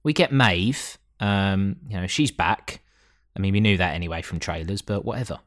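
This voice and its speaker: A man's voice: sits low, moderate pace, a bit bright. A man co-hosting a podcast, rambling and joking as he recaps a show, swearing freely. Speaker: podcast co-host. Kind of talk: casual chat.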